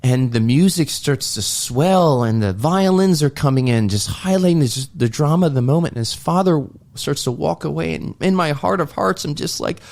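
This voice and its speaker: A man co-hosting a podcast recounts a movie scene with earnest reflection, casually performing the quoted lines. His voice is on the high side and darkish, with lively intonation, a moderate pace and few pauses.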